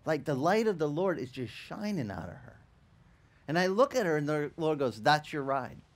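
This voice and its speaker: A male pastor telling a lively story in a sermon, acting out the people in it and laughing as he goes. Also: on the high side, moderate pace. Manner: animated, acts out quoted voices, laughs while telling. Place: church in Hawaii.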